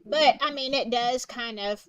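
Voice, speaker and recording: A woman's voice: on the high side, measured pace, smooth, highs cut off. A woman hosting a live stream in a casual chat, reading out a report and viewer comments. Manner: animated, reads from a report and from chat.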